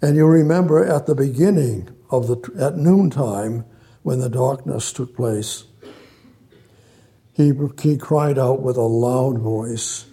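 Man preaching, unhurried, gravelly and husky voice, very dark tone, reads scripture, repeats phrases. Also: medium pitch. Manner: slow, repeating phrases, reading scripture aloud. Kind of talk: sermon.

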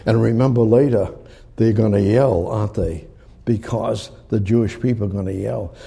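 An older man preaching a sermon as pastor, with a gravelly voice, acting out crowd quotes. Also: on the low side, very animated, unhurried, pauses often, dark tone.

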